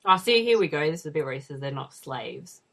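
A woman's voice: sits low, big pitch swings, fast talker, a little hiss or hum. A woman giving casual commentary over a film, wry and swearing, slipping into muttered asides. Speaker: movie watch-along co-host.

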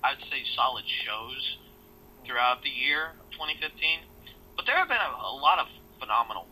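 A man's voice: mid-range voice, big pitch swings, normal speed, bright, forceful tone, slight background noise, low-quality recording. A man co-hosting a casual wrestling podcast, talking bluntly and swearing now and then. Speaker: podcast co-host. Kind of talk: casual chat.

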